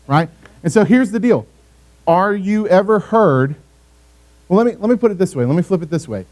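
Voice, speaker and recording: A man's voice: sits high, expressive, normal speed, pauses often, darkish tone. A young man giving a youth ministry talk as pastor, conversational and often asking the room for responses. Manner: conversational, asks the audience for responses.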